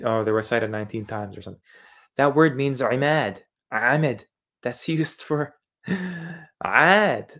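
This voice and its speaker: On his livestream, an Eastern European man with a slightly bright mid-range voice delivers a religious monologue as channel host. His tone is insistent and lecturing, hammering each point by repeating key words over and over while he explains them.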